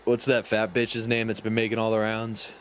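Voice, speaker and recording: A man's voice: on the low side, completely flat delivery, moderate pace, slight background noise. A male podcast co-host in casual comedic banter, joking and teasing. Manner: joking, teasing, throws in silly voices.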